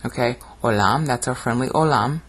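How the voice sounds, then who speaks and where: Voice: medium pitch, normal speed, fairly bright tone, breathy edge. A Bible language teacher giving a video lesson, explaining word by word, often checking in with "okay?" and chanting ancient phrases with dramatic rising emphasis. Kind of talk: video lesson on screen slides.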